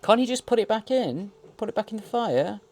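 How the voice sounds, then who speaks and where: A man's voice: high-pitched, expressive, brisk, a little mellow. Wry, rambling man commentating. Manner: rambling, wry and jokey, reacting as he watches. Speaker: host. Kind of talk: audio commentary on a TV episode.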